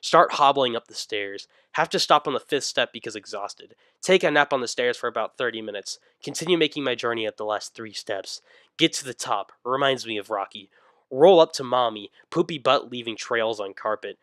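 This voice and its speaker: A man narrating a comic greentext story in a bright, crisp voice, his pitch jumping around a lot. He reads flatly, then bursts into yelling. The recording is dry and close. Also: normal speed, no echo. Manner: deadpan reading broken by sudden yelled outbursts.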